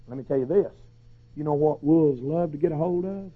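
A hoarse male preacher, shouting through a fiery sermon. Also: fairly high pitch, a little fast. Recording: dull lo-fi recording.

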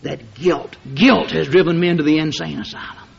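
A man preaching a fiery sermon, swinging from hushed tones to shouting and drawing out words for emphasis. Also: fairly high pitch, steady tone, normal speed, vocal fry, husky. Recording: dull lo-fi sermon recording.

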